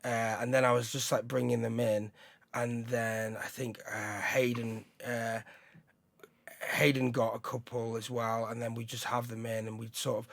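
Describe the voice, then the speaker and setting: A male stand-up comedian, chatting in a rambling, excitable way, often breaking into laughter and shouts. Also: mid-range voice, normal speed, vocal fry, no room sound. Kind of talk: casual chat.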